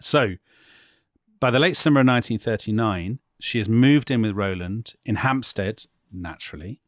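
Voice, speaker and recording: A man co-hosting a history podcast, telling a story in animated, casual conversation and laughing often as he goes. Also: lowish voice, moderate pace, dry recording, studio quality.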